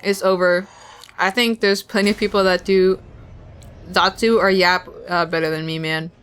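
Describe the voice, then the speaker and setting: A woman's voice: on the low side, fairly even intonation, moderate pace, a bit bright, smooth. A young woman streamer chatting casually with her viewers, rambling and giggly, talking while she eats.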